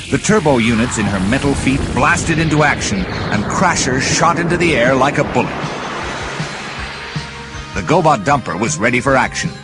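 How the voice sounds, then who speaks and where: A man reading a children's storybook aloud as narrator, expressive and building with the action. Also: mid-range voice, rough recording. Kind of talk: storybook read-along narration.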